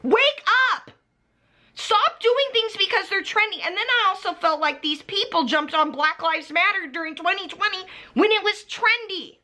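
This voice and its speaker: Facing the camera and its mic, a young beauty commentary vlogger delivers a heated, profane rant, pointing at the lens and calling people out by name. She speaks at a moderate pace in a very high-pitched, expressive voice with a sharp tone.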